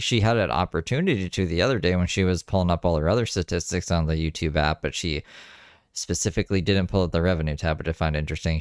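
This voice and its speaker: A man talks over a livestream in a loose, gossipy way, swearing freely and firing off quick asides. His voice sits low and sounds smooth and resonant. The recording is dry and close, with no room sound. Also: no room sound. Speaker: commentary host. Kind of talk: casual commentary over a livestream.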